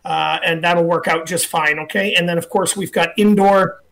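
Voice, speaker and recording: A middle-aged man hosting a radio show, chatty and relaxed, slowly repeating numbers with plenty of fillers. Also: high voice, gravelly. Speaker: radio talk show host and dog trainer. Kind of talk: casual radio talk and promotion.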